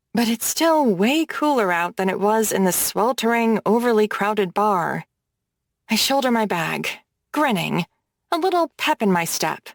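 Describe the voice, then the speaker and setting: A woman narrating a first-person audiobook in an expressive, intimate storytelling manner. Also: medium pitch, no echo, clean studio sound.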